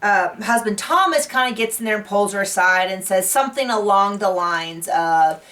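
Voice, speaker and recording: Female recap host, casual and giggly, lots of filler words, mid pitch, slightly distant mic. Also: lively intonation, normal speed, a bit bright. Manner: chatty, giggly, many fillers and restarts.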